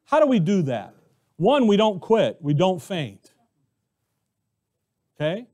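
A man with a very high speaking voice delivers a sermon as pastor. He preaches emphatically, firing off rhetorical questions and circling back over his phrases as he drives each point home. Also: sing-song, slow, dark tone. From Arizona, US.

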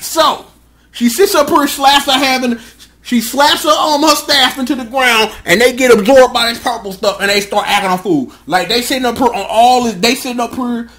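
A man giving a comedic, casual recap of an episode in animated, slangy, jokey storytelling. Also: very high-pitched, normal speed. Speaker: show reviewer.

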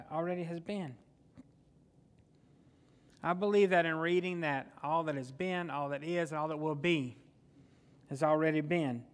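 A man's voice: sits high, a bit bright. A man preaching a sermon as pastor, conversational, often asking the congregation questions and answering them himself.

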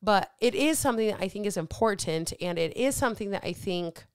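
Woman podcast coach, mid-pitched, blunt and profane, motivational, clean dry recording. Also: animated, fairly quick, clean tone, no echo. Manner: blunt and emphatic, swears freely; motivational, addresses listeners directly. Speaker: weight loss coach and podcast host. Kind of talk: casual podcast monologue.

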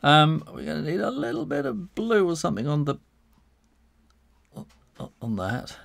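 A man's voice: on the high side, wildly swooping pitch, measured pace, gravelly, fairly bright tone. A middle-aged man, an illustrator, chatting cheerfully through a live drawing demo and reading out viewer comments, laughing often.

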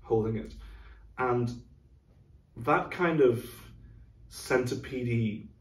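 A middle-aged man who directs an orchestra explains a program slowly in a relaxed, thoughtful chat, singing rhythms aloud as he goes. His voice is mid-range, and the roomy recording places him far off mic.

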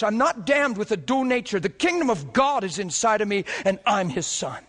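Man, preacher, sermon, high-pitched, fervent, earnest, laughs often. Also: normal speed, few pauses, in a large hall. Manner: fervent, laughs often, swings between quiet earnest and excited.

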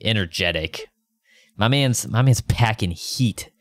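Low-voiced man joking through a game. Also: unhurried, no echo. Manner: jokey, excitable, slangy, swears. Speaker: game streamer. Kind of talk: casual gameplay commentary. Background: game music.

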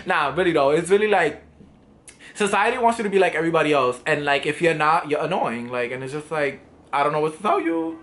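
A man's voice: a little high, brisk. A young man from New York with a New York accent, reading comments to camera in an assertive, sassy way. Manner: assertive, sassy, animated delivery. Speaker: YouTuber.

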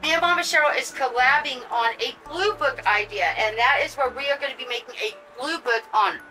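A woman vlogging an unboxing, gushing and excitable, cooing over a doll she pulls from the box. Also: sits high, fairly quick, recorded from a distance, soft background music, poor audio. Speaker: reborn doll collector vlogger. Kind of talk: casual unboxing vlog.

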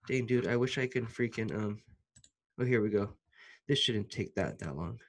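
A man's voice: lowish voice, moderate pace. Fired-up slangy man vlogging. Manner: excited, slangy, lots of "dude" and restarts. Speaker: YouTuber. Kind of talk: casual vlog talk to camera.

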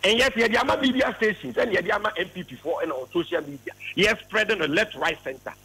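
Impassioned high-voiced Ghanaian man, raspy. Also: fast talker, sharp tone, poor audio. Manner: emphatic, repeats words for stress. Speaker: party spokesman on a radio phone-in. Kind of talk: impassioned political argument.

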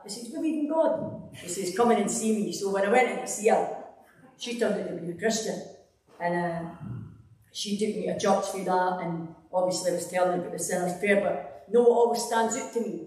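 A woman's voice: mid-range voice, brisk, darkish tone, slight background noise. A Scottish woman giving a rambling, conversational church testimony, full of fillers and restarts. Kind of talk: personal testimony in a church service. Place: church hall. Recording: echoey hall, distant mic.

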